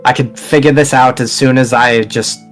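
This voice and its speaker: A man's voice: medium pitch, fairly even intonation, normal speed, faint music behind, lightly acted. A man voicing an exhausted, wounded male mage in a tabletop game, stammering and self-deprecating.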